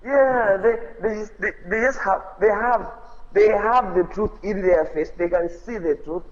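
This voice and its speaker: A man's voice: high voice, unhurried, muffled recording, crowd noise. A man hosting a religious live stream, talking in an emphatic, repetitive, fervent way. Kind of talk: casual preaching chat.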